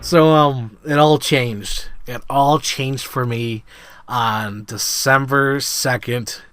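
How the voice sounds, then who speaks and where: A man hosting his own vlog, reviewing a film in a casual, excitable monologue, swearing freely and acting out scenes. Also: medium pitch, slow pace, soft background music. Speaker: movie reviewer, host.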